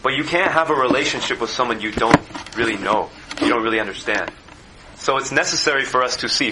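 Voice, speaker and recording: A man leading a church meeting, introducing speakers in a measured, explanatory way. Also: mid-range voice. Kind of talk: sermon introduction. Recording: noisy background.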